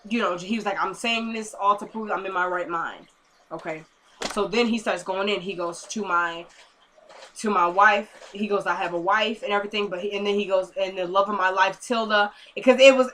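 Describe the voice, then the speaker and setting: A woman casually recapping a TV drama episode, telling the story in an animated way and dropping her voice when she quotes the characters. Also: mid-range voice, slight background noise. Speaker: TV episode reviewer.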